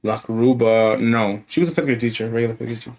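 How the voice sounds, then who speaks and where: A man's voice: mid-range voice, fairly even intonation, fast talker, a little mellow. A young man co-hosting a podcast, joining in crude banter and laughing a lot. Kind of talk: casual chat.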